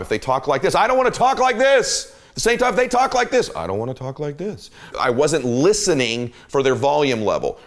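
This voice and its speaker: A middle-aged man hosting a motivational talk, coaching listeners in an emphatic, repetitive cadence. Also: mid-range voice. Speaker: host.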